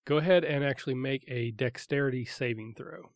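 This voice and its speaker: A man's voice: mid-range voice, brisk, dry recording. Man narrating as game master, dry sound. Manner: vivid descriptive narration with fillers.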